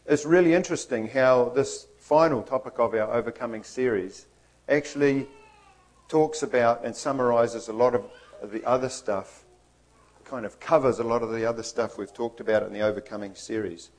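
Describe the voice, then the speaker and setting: A man's voice: medium pitch, rough recording. Earnest male preacher giving a sermon. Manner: earnest, emphatic, acts out quotes.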